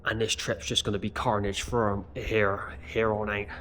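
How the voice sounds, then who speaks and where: A young man vlogging his holiday to an action camera outdoors, chatty and excitable, swearing freely. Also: lowish voice, normal speed, slight background noise. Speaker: travel vlogger. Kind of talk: casual travel vlog to camera. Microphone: action camera mic.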